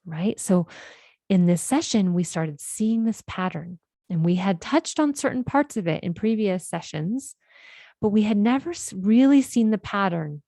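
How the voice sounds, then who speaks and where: A woman's voice: mid-range voice, expressive, measured pace, dark tone, no room sound, studio quality. A woman life coach hosting a podcast, explaining ideas in an earnest, conversational monologue and often checking in with "right?".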